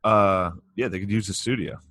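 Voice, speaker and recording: A man trading teasing jokes and quick interjections in a casual podcast chat. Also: fairly low pitch, fairly even intonation, a bit bright, no room sound. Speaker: podcast co-host.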